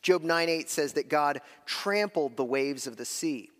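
A fairly high-pitched male preacher delivering a sermon in a sanctuary with a long, ringing reverb. He talks conversationally, slowing right down to stress key phrases, then rushing through asides to the congregation. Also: a bit bright. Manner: conversational preaching, shifting between slow emphasis and quick asides. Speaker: pastor.

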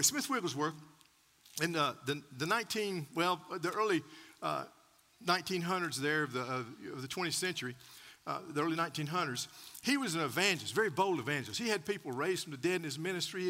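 A man preaching with a high, bright, forceful voice in a folksy storytelling manner, stumbling over repeated words. The sound carries the long reverb of a church sanctuary. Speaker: pastor. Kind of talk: sermon.

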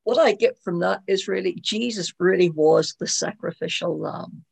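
A woman co-hosting a casual Bible discussion, retelling scripture with animated energy and repeated words. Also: lowish voice, normal speed, gravelly, husky. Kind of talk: casual Bible study chat.

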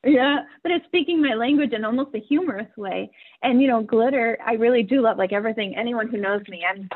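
A woman in her forties speaks in a fairly high voice at a brisk pace. As a podcast guest, she tells a personal family story frankly and emotionally, often laughing as she goes. The recording has a tinny, phone-like sound.

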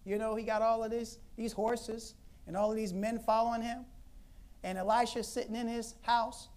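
A woman preacher telling a Bible story in an animated, conversational sermon, laughing often. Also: fairly high pitch, moderate pace.

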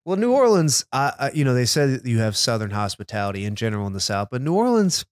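A man co-hosting a podcast, teasing his friend with deadpan provocations. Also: medium pitch, quick pace, dry recording. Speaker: podcast co-host. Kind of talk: casual chat.

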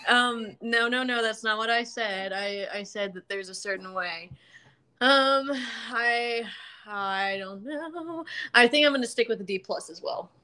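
A woman's voice: fairly high pitch, measured pace, bright, forceful tone, smooth. A woman hosting a podcast in casual chat, talking loosely with lots of ums and casual swearing. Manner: chatty, swears casually, many fillers. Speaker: podcast host.

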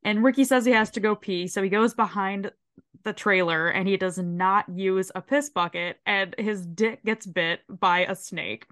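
Woman podcast co-host, sore throat, animated casual recap, mid-pitched. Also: moderate pace. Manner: animated, swears freely, briefly mimics characters while retelling. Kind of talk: casual chat recapping a show.

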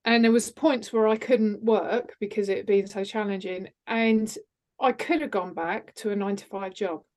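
A woman's voice: mid-range voice, moderate pace, a little mellow. Emphatic woman coach. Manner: earnest and emphatic, repeats phrases for stress. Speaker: guest, executive coach. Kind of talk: casual interview chat.

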